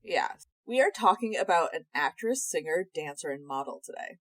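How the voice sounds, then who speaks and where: A young woman co-hosting a casual podcast chat, animated and sarcastic, swearing freely. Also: deep voice, normal speed, dry recording, low-quality recording. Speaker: podcast co-host.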